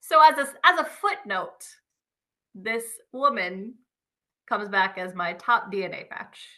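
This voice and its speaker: A woman on a casual podcast telling a personal story, animated, acting out quoted lines and laughing often. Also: medium pitch, a little slow.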